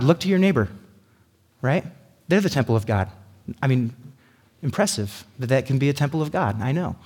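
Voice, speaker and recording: Husky male preacher, animated and sarcastic. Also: medium pitch, moderate pace, long pauses. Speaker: pastor. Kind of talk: sermon. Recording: hall reverb.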